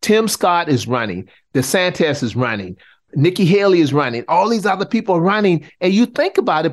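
A middle-aged man from South Carolina co-hosts a casual political chat. His pitch sits a touch high and swings widely as he teases and plays to the audience like a showman. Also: brisk. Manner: animated, teasing, showman-like. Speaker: podcast co-host.

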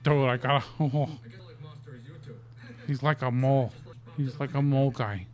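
A man's voice: medium pitch, steady tone, measured pace, long pauses, darkish tone. A man giving casual, profane commentary over a video game, laughing and riffing on impressions. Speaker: let's play commentator.

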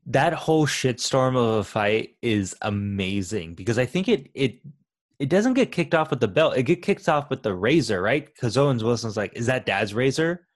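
A man's voice: medium pitch, very animated, normal speed, dry recording, studio quality. A man co-hosting a casual podcast, enthusiastic as he retells favorite scenes. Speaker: podcast co-host. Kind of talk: casual film discussion.

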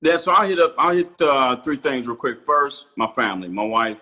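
A man's voice: medium pitch, expressive, moderate pace, pushed and bright, rough recording. A Marine sergeant major in his forties, a man telling personal stories candidly and casually, often calling the host brother. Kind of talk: candid conversational storytelling.

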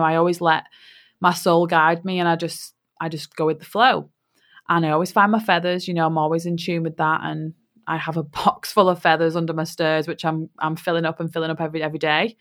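Woman podcast host, lowish pitch, heartfelt storytelling monologue. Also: a bit bright. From England. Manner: heartfelt, many "you know" fillers.

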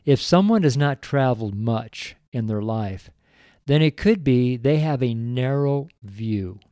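Earnest, emotional male preacher, mellow voice. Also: medium pitch, animated, unhurried, no echo, clean studio sound. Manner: earnest, emotional, tearful at times. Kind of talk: devotional sermon and prayer.

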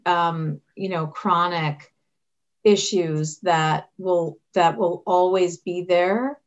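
A woman's voice: fairly low pitch, fairly even intonation, slow, lo-fi sound. A woman hosting a talk show, affirming her guest and addressing the audience. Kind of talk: casual talk show chat.

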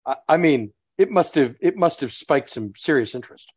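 A man's voice: a little high, expressive, normal speed, husky. A man hosting a casual podcast, chiming in with follow-up questions and comments. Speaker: podcast host.

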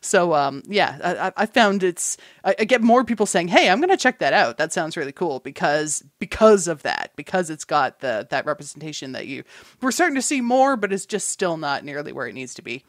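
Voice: mid-range voice, very animated, normal speed, no room sound, clean studio sound. A podcast co-host in casual chat, talking with enthusiasm and lots of restarts and playful quoted asides.

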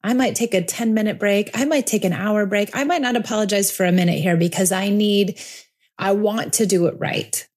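A woman in her forties hosting a parenting podcast, talking earnestly and reflectively, slowing down to stress her points. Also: medium pitch, a little mellow. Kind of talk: reflective solo podcast talk.

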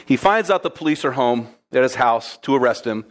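A man preaching a sermon, retelling a martyr story in a lively, conversational way. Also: medium pitch, a little fast. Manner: lively, conversational, addresses listeners as guys.

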